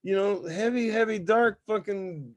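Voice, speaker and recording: A man in his sixties, a musician guest, telling stories in casual, profane, animated chat. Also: high-pitched, unhurried. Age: 60s. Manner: profane, animated storytelling with voiced asides.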